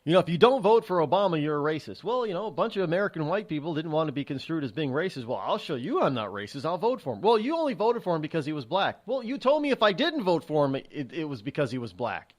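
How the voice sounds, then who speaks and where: Talking fast with few pauses in a fairly high voice, this middle-aged radio host spouts a sarcastic, opinionated monologue. He's animated and acts out quoted voices as he goes.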